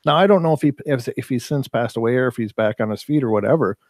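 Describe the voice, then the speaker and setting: A man's voice: mid-range voice, fast talker, no room sound. A man telling a paranormal story in casual chat, rambling and repeating words as he goes. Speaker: talk show participant.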